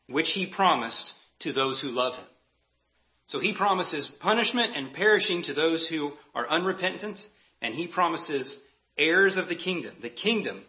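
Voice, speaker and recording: A man's voice: a little high, dull audio. A man preaching a sermon as pastor, earnest and emphatic, repeating key phrases for weight.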